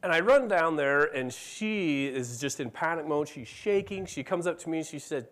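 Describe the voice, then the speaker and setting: Middle-aged man, conference speaker, animated storyteller, voices family members, fairly high voice. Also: moderate pace, few pauses. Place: conference room.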